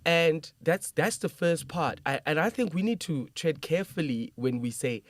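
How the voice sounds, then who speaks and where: A man's voice: a little high, animated, normal speed, no room sound. A man hosting a podcast interview, talking in an earnest, reflective way and repeating points to stress them. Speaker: podcast host. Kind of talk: casual conversational interview.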